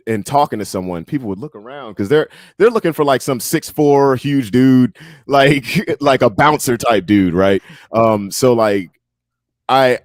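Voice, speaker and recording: A young man with a deep voice, chatting as a podcast guest and telling stories with lots of laughter. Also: no room sound, studio quality. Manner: laughs often, animated storytelling. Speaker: podcast guest, musician and MMA analyst. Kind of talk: casual chat.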